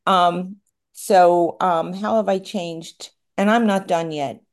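A woman's voice: on the low side, steady tone, slow. A middle-aged woman giving a personal share at a support meeting, candid and rambling, with self-deprecating asides, and tearful at times. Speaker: recovery meeting speaker.

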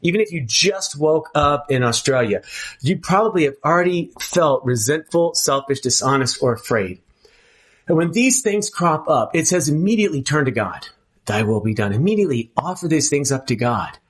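A man's voice: fairly high pitch, animated, normal speed, a bit bright. A man speaking candidly at a twelve-step recovery meeting, earnest and emphatic, often restarting his phrases.

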